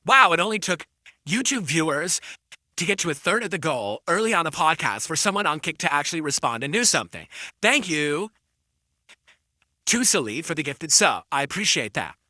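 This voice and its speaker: Streamer guy ranting at haters, slightly high voice, dry close mic. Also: big pitch swings, moderate pace, pushed and bright, dry recording. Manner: defensive, insulting rant at critics. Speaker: live streamer. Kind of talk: ranting live stream talk.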